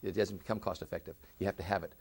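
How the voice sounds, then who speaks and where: A middle-aged man giving an oral history interview, speaking earnestly with many halting restarts. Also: low-pitched, fairly even intonation, a little mellow, slightly rough. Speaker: interviewee, victim services director.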